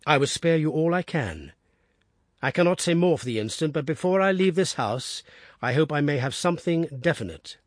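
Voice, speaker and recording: A man's voice: fairly high pitch, lively intonation, moderate pace, no room sound, clean studio sound, close to an everyday voice. A man playing a precise, formal detective. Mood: gentle. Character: sharp, reserved male detective, middle-aged.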